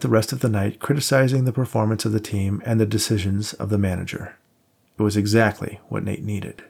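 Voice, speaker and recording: A man narrating an audiobook in a steady storytelling manner. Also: on the low side, brisk, gravelly, breathy edge. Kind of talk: scripted narration.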